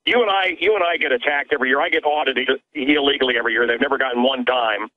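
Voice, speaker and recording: A man's voice: medium pitch, quick pace, no echo. A man calling in to a talk radio show as a guest host, talking emphatically and exasperated, stammering and restarting his sentences. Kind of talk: heated call-in talk radio. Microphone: phone. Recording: muffled lo-fi phone line.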